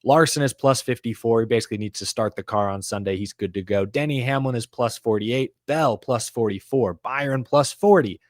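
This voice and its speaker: A man's voice: mid-range voice, brisk, hardly any pauses, dry recording, studio quality. A man hosting a casual racing podcast chat, leading the talk and running through standings. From American South. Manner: animated, runs through stats, leads the discussion. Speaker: podcast host.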